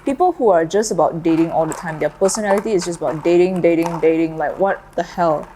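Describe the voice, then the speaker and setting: Brief: woman podcast co-host, mellow low voice, blunt emphatic ranting. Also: quick pace, slight background noise, poor audio. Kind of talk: casual chat.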